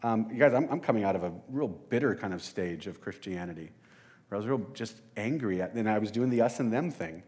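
A man's voice: fairly low pitch, animated, brisk, a little mellow. A man preaching a casual sermon, talking conversationally and with some self-deprecation, and addressing the congregation directly.

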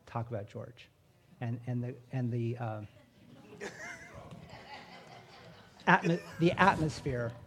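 A man hosting a live interview in an earnest, encouraging way with halting phrasing. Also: mid-range voice, slight background noise. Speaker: men's group member hosting the interview.

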